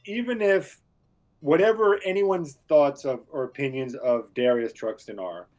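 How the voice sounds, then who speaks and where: A man co-hosts a livestream in an easygoing way. He asks curious questions and laughs along. His voice sits slightly high for a man. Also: a little slow, a little mellow. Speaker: co-host. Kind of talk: casual chat.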